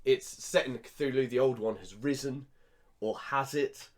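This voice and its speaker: A man co-hosting a podcast, telling stories with lively acted-out reactions. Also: mid-range voice, measured pace. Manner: animated storyteller, acts out his reactions. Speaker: podcast co-host. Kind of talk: casual chat.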